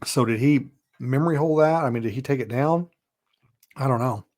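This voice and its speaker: A male podcast host at a middle pitch, speaking in a loose, unscripted monologue. He wanders through his points with plenty of "you know" and "uh," and his tone stays blunt and mildly exasperated. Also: a little fast, a little mellow. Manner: rambling, leans on "you know" and "uh" fillers, frank and exasperated. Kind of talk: casual monologue.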